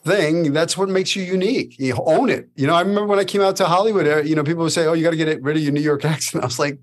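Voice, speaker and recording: A man's voice: fairly high pitch, rapid-fire, close to an everyday voice. A man hosting an interview, affirming and conversational. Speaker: podcast host.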